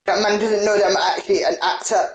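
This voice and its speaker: A man's voice: high-pitched, fairly even intonation, fast. A young man, talking into a phone in street slang, flipping between pleading and acting tough in a comic prank skit. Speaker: prankster answering calls.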